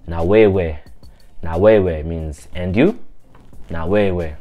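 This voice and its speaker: Low-voiced man teaching phrases casually. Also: faint music behind. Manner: repeats phrases slowly and clearly; relaxed, loose explaining with fillers. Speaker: language teacher. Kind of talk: casual language lesson.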